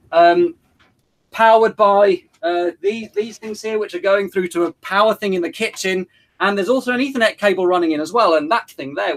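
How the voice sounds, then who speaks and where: A man's voice: sits high, fairly bright tone. A man with a southern English accent, a guest chatting casually on a livestream from a garden shed, rambling and self-mocking. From England. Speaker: interview guest.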